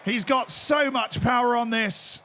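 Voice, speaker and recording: Man putting on a roaring football commentator, high and bright, faint hiss behind. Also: exaggerated voice. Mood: ecstatic. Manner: shouting, drawn-out calls. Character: excitable male football commentator.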